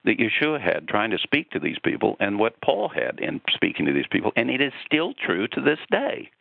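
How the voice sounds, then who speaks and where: Gravelly storytelling man on a phone line. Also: lowish voice, normal speed, dry recording. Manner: animated storyteller. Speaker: guest. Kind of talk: casual radio conversation.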